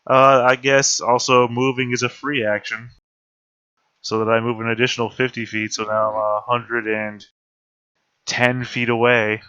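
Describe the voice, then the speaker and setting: A man playing a tabletop game, joking and talking his moves through quickly. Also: medium pitch, little pitch movement, sharp tone, clean tone, dull audio. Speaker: player. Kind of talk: tabletop game play over voice chat.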